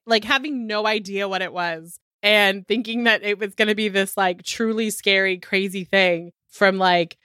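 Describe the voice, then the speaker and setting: A woman co-hosting a podcast, giggly and animated, telling stories with self-deprecating humor. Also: medium pitch, normal speed, hardly any pauses, clear, resonant tone, dry recording, clean studio sound. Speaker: podcast co-host. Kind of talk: casual podcast chat.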